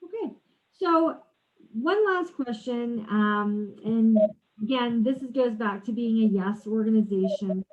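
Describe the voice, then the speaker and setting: A woman's voice: a little high, unhurried. Chatty woman interviewer, tinny audio. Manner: chatty, many restarts and fillers. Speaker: interviewer for a company Q&A. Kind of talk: casual interview chat.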